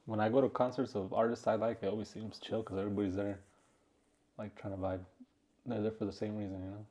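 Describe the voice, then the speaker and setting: A man's voice: on the low side, level tone, fast talker, mellow. A man co-hosting a podcast, chatting casually in a laid-back, rambling way and swearing freely. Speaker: podcast co-host. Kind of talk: casual chat.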